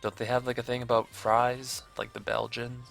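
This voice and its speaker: A man's voice: medium pitch, monotone, moderate pace, gravelly, fairly bright tone, faint music behind. A young man chatting casually on a stream, rambling with amusement and filling his talk with "like" and restarts. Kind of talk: casual chat.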